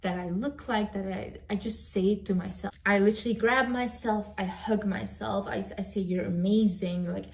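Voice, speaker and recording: A woman's voice: mid-range voice, fairly even intonation, normal speed, vocal fry, hardly any pauses. A woman vlogger giving an emphatic, repetitive motivational pep talk straight to her viewers. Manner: emphatic, repetitive, direct address.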